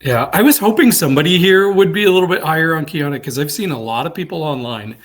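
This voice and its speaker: A man's voice: a little high, lively intonation, fast talker. A man co-hosting a podcast, chatting eagerly about the show's fans. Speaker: podcast co-host. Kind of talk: casual recap chat.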